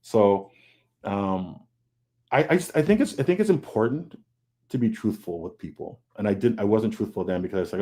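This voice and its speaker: With a fairly low, expressive, dark-toned voice at a moderate pace, a comic artist guest on a video call panel opens up earnestly. His confessional talk is full of repeated words and quotes of his own thoughts.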